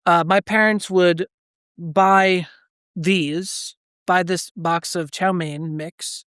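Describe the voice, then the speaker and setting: Speaking extremely slowly in a steady tone, a man with a high, a bit bright, clean voice co-hosts a podcast. He rambles loosely through his stories in casual chat, full of "like" fillers, in a dry, clean studio recording.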